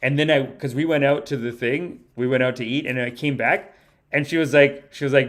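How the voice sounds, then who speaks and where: A man's voice: mid-range voice, steady tone, fairly quick. A man hosting a casual podcast livestream, telling stories in a rambling, playful way. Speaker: podcast host and stand-up comedian.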